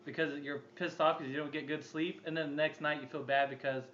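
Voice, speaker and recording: A man on a podcast as a guest, giving dry, deadpan one-liners. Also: on the high side, fairly quick. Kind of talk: casual crude podcast banter. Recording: muffled lo-fi sound.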